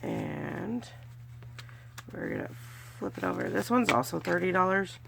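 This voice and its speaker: Counting money aloud with small cheers, a California budgeting vlogger casually narrates her cash challenge video. Her voice sits on the low side and is fairly bright, a little slow, with vocal fry and a slight hiss or hum.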